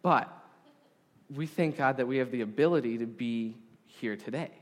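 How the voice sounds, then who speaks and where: A man preaching a sermon to a congregation, earnest and deliberate, with emphatic pauses. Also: medium pitch. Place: congregation hall. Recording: long hall reverb.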